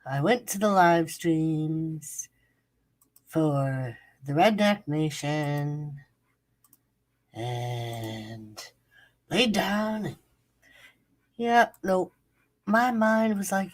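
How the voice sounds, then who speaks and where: A woman's voice: sits low, expressive, very slow, long pauses, recorded from a distance. A woman, chatting casually on a late-night livestream and greeting viewers by name. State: stuffy nose. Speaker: channel host. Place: home at night.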